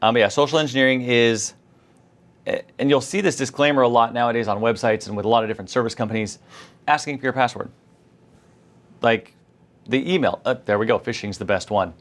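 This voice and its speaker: A man's voice: medium pitch, brisk, pauses often. A man co-hosting a conversational tech lesson, chatty and full of anecdotes and quoted asides. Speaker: co-host.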